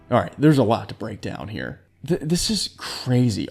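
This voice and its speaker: A man's voice: fairly low pitch, big pitch swings, moderate pace, creaky, hardly any pauses, a little mellow, husky, faint music behind. A young man hosting a commentary video, reacting to posts in a sarcastic, incredulous way. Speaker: commentary host.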